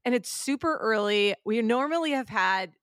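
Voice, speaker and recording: A woman with a fairly high voice hosts a casual faith podcast. She is chatty and upbeat and laughs easily. The sound is close and dry, with no room ring. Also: expressive, moderate pace, fairly bright tone, smooth, dry recording. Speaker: podcast co-host.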